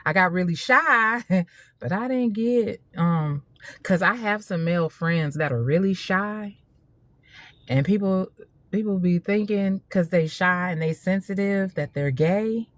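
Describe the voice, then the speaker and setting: A woman, talking in a casual opinion monologue, animated, laughing often and repeating herself for emphasis. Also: medium pitch, unhurried, no room sound. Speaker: social media host.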